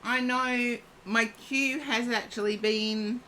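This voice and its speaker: A woman with a fairly high voice gives an oracle card reading on a live stream. She speaks very slowly and unhurriedly, chatting and thinking aloud between cards. A faint hum sits under her voice. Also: fairly even intonation, pushed and bright. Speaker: psychic card reader.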